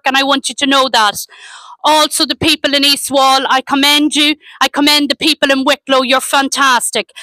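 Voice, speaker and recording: A woman's voice: sits high, bright, forceful tone, no echo, rough recording. An Irish woman from Dundalk giving an impassioned, defiant rally speech, repeating her points. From Ireland (Dundalk). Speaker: rally speaker.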